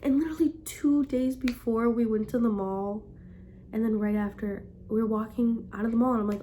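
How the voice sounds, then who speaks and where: A woman's voice: a little high, fairly quick, mellow, slight background noise. Chatty young woman rambling, fillers everywhere. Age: young adult. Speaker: vlogger. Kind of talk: casual storytime vlog.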